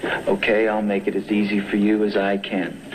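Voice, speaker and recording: An actor playing a sarcastic diner customer. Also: male voice, lowish voice, monotone, moderate pace, lightly acted. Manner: sarcastic and insistent. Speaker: restaurant customer in a film scene. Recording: old film clip with hiss.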